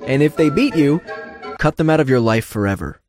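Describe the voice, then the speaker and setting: A chipper, high-pitched male announcer, as a man puts him on, delivering mock-earnest advice with a lively lilt over a bed of clear background music. The tone is a cheery public-service spot. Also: fairly quick, close to an everyday voice.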